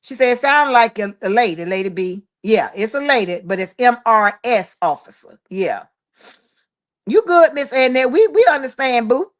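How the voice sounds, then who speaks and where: A woman's voice: on the high side, lively intonation, moderate pace. A woman hosting a live stream in casual chat, reading viewer comments aloud and calling listeners honey, child and boo. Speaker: livestream host.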